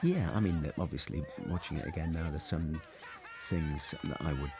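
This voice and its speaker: A man's voice: a bass voice, moderate pace, background noise. An older man, an actor, chatting casually on a film commentary, rambling and repeating words as he thinks. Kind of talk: relaxed commentary chat. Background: film soundtrack playing.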